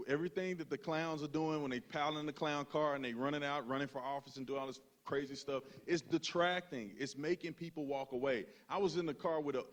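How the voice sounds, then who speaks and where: A man speaking on a stage panel in a plain, earnest way. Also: medium pitch.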